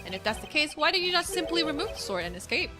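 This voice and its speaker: A woman's voice: high voice, sing-song, over music, voice pushed up. A woman voicing a cool, cutting male investigator. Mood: accusing. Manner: measured, confrontational.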